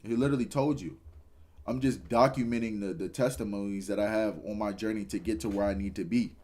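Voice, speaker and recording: A man's voice: on the low side, steady tone, brisk, darkish tone. A tired young man, a streamer giving a rambling, earnest motivational talk and swearing casually. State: tired, yawning.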